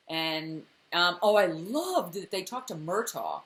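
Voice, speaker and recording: A woman talks casually through a TV episode with a co-host, quoting characters as she goes. Her voice is bright and a little low. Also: big pitch swings, unhurried. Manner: chatty, acts out characters' lines in quotes. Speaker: podcast co-host. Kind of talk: casual chat recapping a TV episode.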